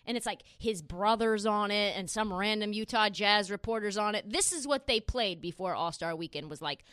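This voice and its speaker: A woman's voice: medium pitch, moderate pace, fairly bright tone, clean tone, no echo, clean studio sound. A woman hosting a casual sports podcast, brash and playful, boasting and laughing often. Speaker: podcast host.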